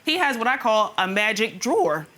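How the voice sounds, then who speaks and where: A woman with a bright, forceful and somewhat high voice, pleading her case before a television judge. She tells animated stories and mimics her partner along the way. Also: moderate pace. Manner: storytelling, imitates her partner. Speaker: litigant on a court show.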